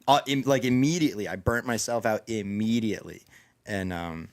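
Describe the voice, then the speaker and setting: A man on a podcast rambles through a story in a casual chat, backing up and restarting his sentences. His voice is getting hoarse, and the sound is dry and close with no room around it. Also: lowish voice, normal speed, no room sound. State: voice going hoarse. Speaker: podcast host.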